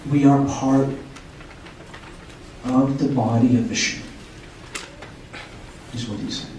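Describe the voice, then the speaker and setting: Male speaker, mellow tone, storytelling talk with rhetorical check-ins; distant room mic, faint room noise. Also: medium pitch, steady tone, slow pace. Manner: checks in with listeners. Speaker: speaker at a spiritual center. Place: meeting hall of a spiritual center. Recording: echoey hall, voice from far off.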